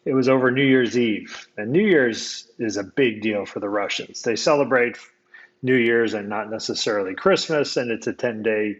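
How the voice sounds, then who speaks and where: A man from the United States, a guest telling a personal story in relaxed, casual conversation, reflective and often restarting his sentences. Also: medium pitch, normal speed, dull audio.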